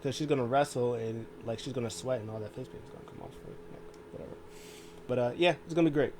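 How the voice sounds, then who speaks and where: A man's voice: medium pitch, fast talker, noisy background. A man casually recapping a wrestling show, rambling along with lots of fillers. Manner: rambling, full of fillers and restarts. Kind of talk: casual chat.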